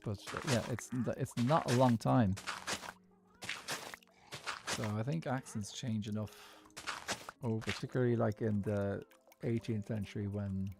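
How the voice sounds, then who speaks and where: Man, gaming streamer, casual rambling chat, mid pitch, music in background. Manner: musing, rambling opinions. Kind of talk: casual chat while playing a game.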